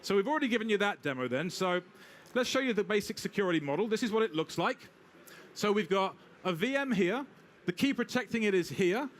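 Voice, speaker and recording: A man's voice: sits high, lively intonation, a little hiss or hum. Wry British man presenting a tech demo. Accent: British English. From Britain. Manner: brisk, wry, talks straight to the audience. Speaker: technical presenter. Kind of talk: live conference talk with demo.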